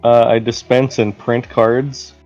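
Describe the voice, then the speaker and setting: Male guest, mid-pitched, deadpan comic delivery, soft music in the background. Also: slow, muffled recording. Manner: dry, deadpan joking. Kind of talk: casual chat.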